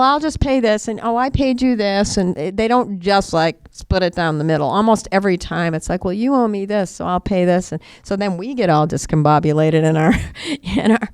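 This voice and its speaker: Woman, lower-pitched, chatty, laughing, acts out quotes, mediation trainer. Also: a little mellow, clean tone, no room sound, studio quality. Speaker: restorative justice mediator and trainer. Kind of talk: casual teaching talk.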